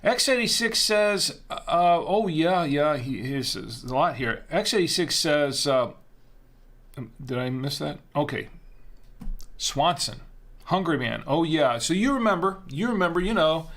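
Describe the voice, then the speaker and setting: A man's voice: a little high, animated, a little slow, a bit bright. A man hosting a casual wine-tasting livestream, rambling with fillers and restarts as he reads out viewer chat.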